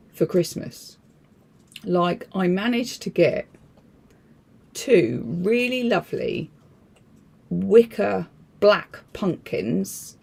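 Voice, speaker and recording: A woman's voice: lowish voice, gravelly, a little mellow. A woman hosting a casual crafting livestream, rambling and thinking aloud in a chatty, self-deprecating way.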